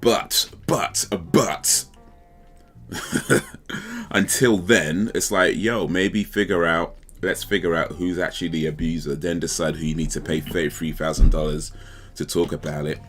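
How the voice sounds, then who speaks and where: A man's voice: low voice, fairly even intonation, unhurried, a bit bright, faint music behind. A man hosting a casual livestream chat, rambling, laughing and trailing off mid-thought. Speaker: livestream host.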